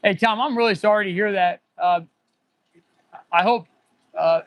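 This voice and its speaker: A man's voice: high voice, measured pace, a bit bright, dry recording. A man in his forties, an auto mechanic hosting a casual livestream, rambling and answering viewer chat as he goes. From United States.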